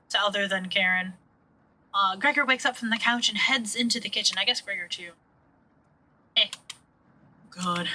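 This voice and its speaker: A woman's voice: mid-range voice, pushed and bright, poor audio. A woman streaming a horror game, reading its narration aloud and tossing in irreverent, profane jokes between the lines. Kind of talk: live game playthrough with read-aloud narration.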